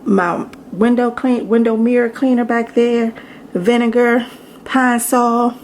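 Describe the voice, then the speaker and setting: A woman's voice: on the high side, level tone, a little slow, darkish tone, a little hiss or hum. A woman from Maryland giving a chatty home tour of her kitchen, talking straight to her viewers as y'all. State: out of breath. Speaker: home organization vlogger. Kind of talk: casual home tour vlog.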